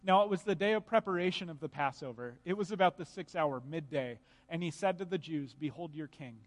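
A man's voice: a little high, animated, fairly quick, big-room sound. A man preaching a sermon, reading scripture aloud and explaining it with earnest emphasis and pointed rhetorical questions.

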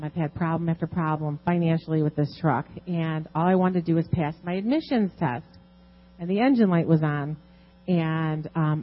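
A woman sharing a personal testimony at a church service on a handheld mic, halting with many ums, earnest and emotional. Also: sits low, dull audio. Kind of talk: unscripted testimony.

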